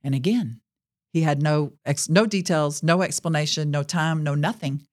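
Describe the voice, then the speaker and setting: A woman's voice: deep voice, normal speed, darkish tone. Earnest woman telling a faith testimony. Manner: earnest storyteller, addresses listeners directly. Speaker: Christian speaker sharing a testimony. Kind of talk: personal testimony, podcast storytelling.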